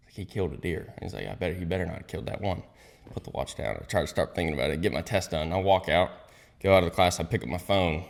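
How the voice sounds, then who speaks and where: Young guy, deep voice, animated podcast guest who cusses and whispers asides. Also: fast talker, vocal fry, long reverb tail. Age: young adult. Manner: animated storyteller, swears freely, mutters asides in a whisper. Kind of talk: casual storytelling.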